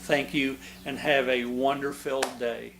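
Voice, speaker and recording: A man giving a gentle, reassuring meditation lesson, speaking softly with many pauses and restarts. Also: mid-range voice, little pitch movement, gravelly, background noise. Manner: slow, soft-spoken, reassuring, with pauses and restarts. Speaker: meditation teacher. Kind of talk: gentle meditation talk to camera.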